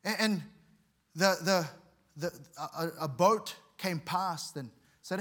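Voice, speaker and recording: A man's voice: sits high, takes it slowly, a bit bright. Earnest man preaching a sermon. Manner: earnest, repeats words and restarts often; tells a story with dramatic rises in volume.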